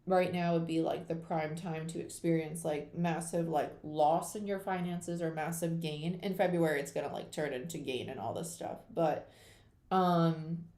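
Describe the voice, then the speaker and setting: A young woman who reads tarot hosts a live chat from a room at home at her computer, rambling casually to viewers with plenty of fillers. Her voice is low and dark with fairly even intonation and normal speed, and the sound is reverberant.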